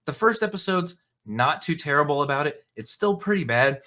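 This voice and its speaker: Indignant ranting man, bright voice. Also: fairly high pitch, animated, moderate pace. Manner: indignant, mocking, swearing. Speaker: video commentator. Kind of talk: ranting commentary vlog.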